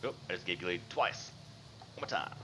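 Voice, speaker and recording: Lively bright-voiced male game master. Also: deep voice, a little fast, slight background noise. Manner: animated, rules-explaining narration. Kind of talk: narrating a tabletop game. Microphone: video call. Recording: dull lo-fi mic.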